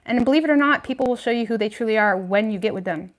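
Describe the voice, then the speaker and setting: A woman's voice: on the high side, fast. Woman doing a chill tarot livestream, talks frank, lots of "like", laughs a bit. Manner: chatty, frank, says "you know what I mean" and "like" a lot. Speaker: tarot reader. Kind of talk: casual livestream tarot reading.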